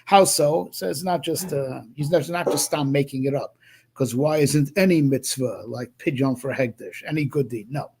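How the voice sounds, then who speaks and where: A man's voice: mid-range voice, normal speed, a little mellow, slightly rough. A man teaching a Torah class as a rabbi, thinking aloud with many restarts and asides. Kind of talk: Torah class, explaining a text.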